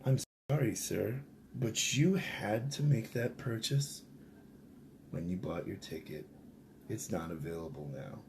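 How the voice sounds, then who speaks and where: A man's voice: medium pitch, slow, hardly any pauses, mellow, slight background noise, lightly acted. A man voicing a snooty, condescending male flight attendant who talks curtly. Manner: curt and condescending.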